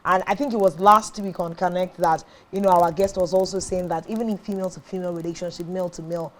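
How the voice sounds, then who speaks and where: Woman talk-show host, measured questioner, frequent "mm" backchannels. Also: fairly low pitch, fairly even intonation. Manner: poses long questions, backchannels with "mm". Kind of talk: hosting a panel discussion.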